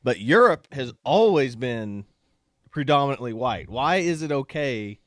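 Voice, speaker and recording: Animated male co-host, lively pitch. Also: measured pace, no echo, studio quality. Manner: animated, reads headlines aloud. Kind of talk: talk show banter.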